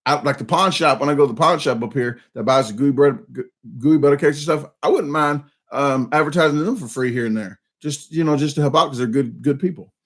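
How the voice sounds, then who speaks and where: This Southern-accented man keeps his live stream casual and rambling, full of fillers and false starts, with a slightly hoarse voice and occasional coughs. He talks quickly in a mid-range, slightly bright voice.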